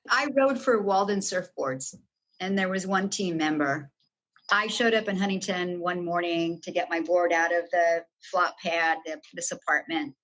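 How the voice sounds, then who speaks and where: A woman's voice: lowish voice, fairly bright tone, highs cut off. Frank older woman telling her story. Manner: earnest, frank storyteller who acts out quoted dialogue. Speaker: podcast guest. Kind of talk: candid storytelling interview.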